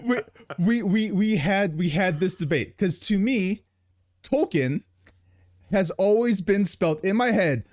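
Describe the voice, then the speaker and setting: Animated, high-voiced American man laughing. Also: unhurried. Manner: laughs often, animated storytelling. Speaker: podcast co-host. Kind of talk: casual chat.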